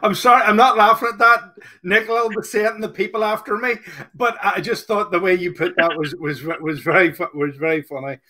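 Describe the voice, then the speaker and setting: Male host, higher pitch, bright tone, jokey, stumbling restarts. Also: fairly even intonation, brisk. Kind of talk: casual chat.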